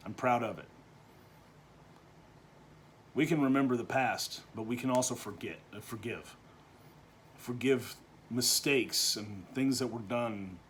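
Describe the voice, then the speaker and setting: A man from Texas, giving an opinion monologue that is full of restarts and swings between quiet, low stretches and loud, animated bursts. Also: a little hiss or hum. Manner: halting, with frequent restarts and repeated words. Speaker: vlogger.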